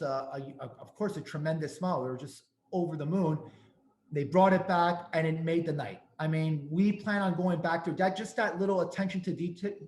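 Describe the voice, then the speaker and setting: A man's voice: on the high side, darkish tone, roomy sound. A man hosting a talk, giving earnest, emphatic advice and stressing his key points over and over. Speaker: host and speaker on restaurant accessibility.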